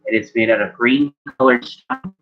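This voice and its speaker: A man's voice: medium pitch, normal speed. A man narrating a tabletop game as game master, rambling and full of "like" fillers. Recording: dull lo-fi sound, faint music.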